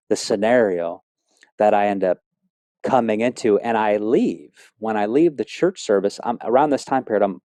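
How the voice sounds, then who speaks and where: Earnest, mellow-voiced middle-aged man. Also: lowish voice, no room sound, clean studio sound. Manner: rambling, earnest storytelling with many fillers and restarts. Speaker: speaker sharing a testimony. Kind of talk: personal faith testimony.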